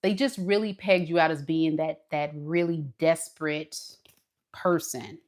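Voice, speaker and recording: This tarot reader has a deep voice and a measured pace as she gives a casual reading directly to the viewer. She's expressive and dramatic, acting out what the other person is thinking.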